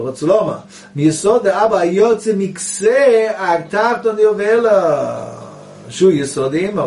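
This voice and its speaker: A man's voice: on the high side, a little mellow. A man teaching a Kabbalah lesson, reading Hebrew passages aloud and explaining them in English, often asking rhetorical questions. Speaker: Torah teacher. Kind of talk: Kabbalah text study lesson. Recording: voice picked up from a distance.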